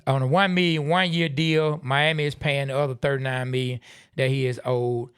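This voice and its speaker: A man's voice: medium pitch, steady tone, moderate pace, fairly bright tone, smooth, no room sound, clean studio sound. Laid-back man reading viewer comments. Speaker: podcast co-host. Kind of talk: casual live-stream chat reading comments.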